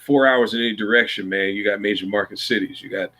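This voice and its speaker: This Iowa-born blues player chats casually over video, telling rambling, easygoing stories. He speaks quickly in a lowish register with fairly even intonation and a sharp edge to his tone.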